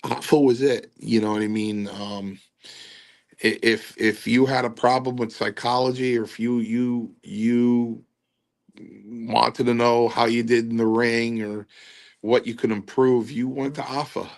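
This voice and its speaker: A man's voice: mid-range voice, measured pace, vocal fry. A man, a guest on a podcast, telling a story casually and acting out the quotes as he goes. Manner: animated, acts out quotes in the story. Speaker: guest, former wrestler.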